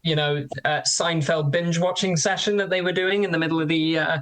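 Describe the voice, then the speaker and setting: A man's voice: a little high, steady tone, fairly quick, a bit bright. A British man comedian on a remote panel game, thinking aloud hesitantly with lots of ums.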